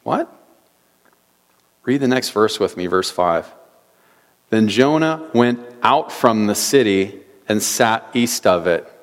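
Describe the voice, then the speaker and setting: With a lowish voice, lively intonation, and a measured pace, a pastor gives an earnest sermon in the sanctuary. He reads scripture aloud and asks rhetorical questions, and the hall adds a long reverb.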